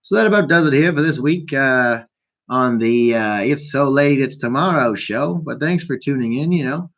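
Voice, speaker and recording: A man's voice: mid-range voice, lively intonation, normal speed, fairly bright tone, muffled recording. A man from Canada hosting his own show, ranting in a profane, rambling monologue about conspiracies. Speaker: host.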